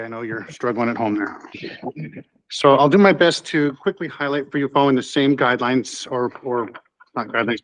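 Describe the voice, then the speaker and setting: Guy at a town hall meeting going over a tech budget, middle voice, steady, says uh a lot. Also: medium pitch. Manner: steady, formal delivery with frequent "uh" fillers. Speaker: school district technology administrator. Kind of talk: budget presentation at a board meeting.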